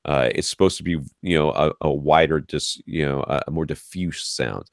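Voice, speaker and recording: A man's voice: a bass voice, moderate pace, vocal fry, no room sound, studio quality. A man co-hosting a podcast, explaining listener advice at length in a chatty way with restarts. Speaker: podcast co-host. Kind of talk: casual advice chat. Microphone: podcast mic.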